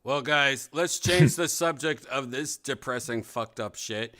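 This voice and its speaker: Loud teasing podcast host guy, bright edgy voice. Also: mid-range voice, unhurried. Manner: teasing, brash, swearing. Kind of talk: casual chat.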